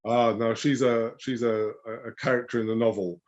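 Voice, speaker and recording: A man's voice: medium pitch, steady tone, normal speed, a little mellow, lo-fi sound. A man, a rose expert patiently teaching pronunciation in a casual interview chat.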